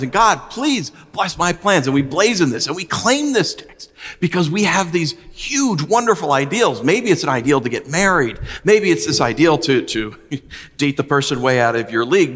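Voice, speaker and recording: A man's voice: fairly high pitch, fairly bright tone, in a large hall. A man from the United States preaching a sermon, telling stories animatedly and acting out his own past words. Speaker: pastor.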